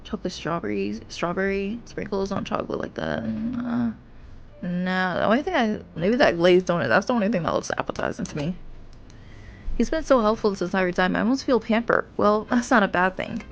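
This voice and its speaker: A woman's voice: medium pitch, lively intonation, a little fast, creaky, muffled recording, slight background noise. A young woman streamer reading a romance game aloud. She giggles and drifts into rambling asides. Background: game music.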